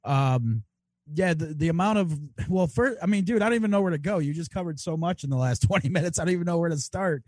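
A man's voice: fairly high pitch, animated, fast, darkish tone, no echo. A man co-hosting a casual political livestream, reading out viewer comments and chatting in a laid-back way with casual swearing. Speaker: podcast co-host.

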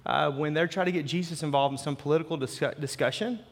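A man, the senior pastor, preaches with a folksy, chatty delivery, often circling back and restarting his sentences. His voice sits a little higher than most men's. The sanctuary adds a long, lingering reverb. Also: fast. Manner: folksy and conversational, with restarts and asides. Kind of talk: sermon. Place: church sanctuary with live congregation.

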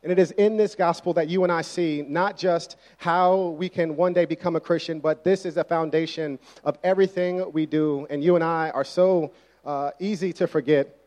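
A man's voice: fairly high pitch, fairly even intonation, normal speed, darkish tone. Conversational young male preacher. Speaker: pastor. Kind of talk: sermon.

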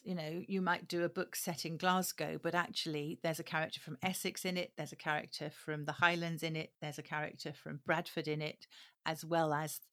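Low-voiced woman, thoughtful and hesitant. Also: a bit bright. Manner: thoughtful, frequent ums and restarts. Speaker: audiobook producer. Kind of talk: interview answers.

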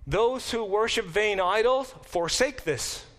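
A middle-aged man lecturing on scripture in a classroom, his voice sitting a little high for a man. He thinks aloud, restarts phrases and throws questions to his students as he goes. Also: expressive, takes it slowly, fairly bright tone. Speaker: Bible professor.

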